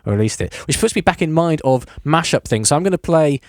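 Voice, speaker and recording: A man's voice: a little high, lively intonation, fairly quick, a little mellow, no room sound. A man hosting a radio music show in a studio, chatting casually and jokily, laughing often and restarting his sentences with plenty of fillers.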